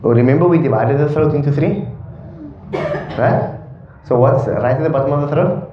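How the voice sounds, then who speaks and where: A man's voice: on the high side, normal speed, a crowd in the background. A man teaching a class on Quran recitation rules, often checking whether the students follow him. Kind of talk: classroom tajweed lesson. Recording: dull echoey classroom recording.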